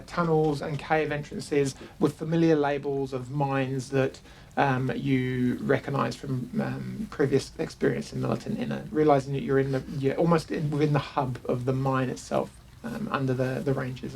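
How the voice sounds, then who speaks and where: GM, New Zealand accent, gravelly, halting, light noise floor. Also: mid-range voice, little pitch movement, a little mellow. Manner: hesitant, many ums and restarts. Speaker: game master. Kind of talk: narrating a tabletop game.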